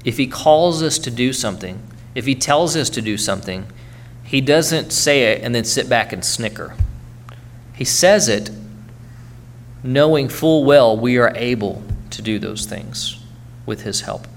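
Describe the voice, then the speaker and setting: A man's voice: medium pitch, expressive, unhurried, a little hiss or hum. A man preaching a sermon earnestly, urging his congregation and checking in with frequent "okay?" tags.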